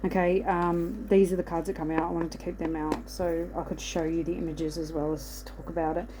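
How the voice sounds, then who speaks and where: Lady doing a chill oracle card reading, mellow lowish voice, lots of "okay?", faint hiss behind. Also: level tone, brisk, rough recording. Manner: rambling, reassuring, says "okay" often. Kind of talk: casual spiritual card reading.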